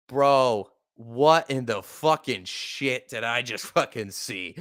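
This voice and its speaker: A man hosting a live fan play-by-play stream, calling the game casually and swearing freely, with big jumps in excitement. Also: fairly high pitch, slow pace, hardly any pauses, smooth. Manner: excitable, profane, shouting when upset. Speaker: sports podcast host.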